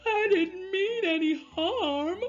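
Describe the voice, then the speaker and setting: A woman's voice: very high voice, slow pace, highs cut off, faint music behind, pitched above the performer's own voice. Woman doing a whiny, timid storybook wolf. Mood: sobbing. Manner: whiny and pleading. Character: fussy, timid male wolf, not really bad. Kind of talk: storybook read-aloud.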